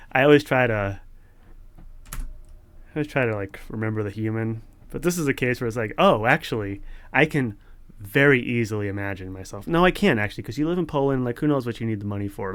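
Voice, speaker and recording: A man who develops open-source software, swearing and ranting in indignant, sarcastic outbursts while he codes, then laughing at himself. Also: mid-range voice, brisk, clean tone, no room sound. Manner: laughs at himself between rants. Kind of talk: ranting while coding on screen.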